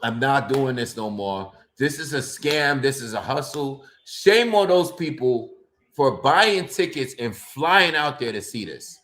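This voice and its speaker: A man's voice: mid-range voice, animated, a little slow, hardly any pauses, pushed and bright. A man doing live reaction commentary on a boxing fight, exasperated and ranting, with frequent exclamations.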